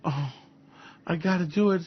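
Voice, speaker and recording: A man's voice: a little high, normal speed, husky. A man voicing a boastful male leader toying with a nuclear button, gloating with childlike sound effects. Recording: dull lo-fi audio.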